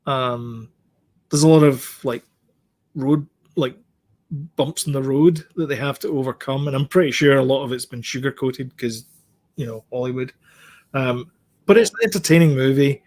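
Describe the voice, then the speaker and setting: A man's voice: mid-range voice, normal speed, a little mellow. Blunt opinionated man chatting. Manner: opinionated, blunt, hesitant with many fillers. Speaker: podcast co-host. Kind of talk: casual chat.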